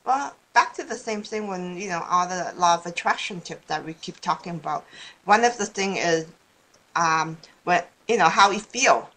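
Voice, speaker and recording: A woman's voice: lowish voice, lively intonation, moderate pace, bright, forceful tone. A woman speaking as a guest in a casual podcast interview, rambling and restarting her sentences, often laughing. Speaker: guest speaker on law of attraction.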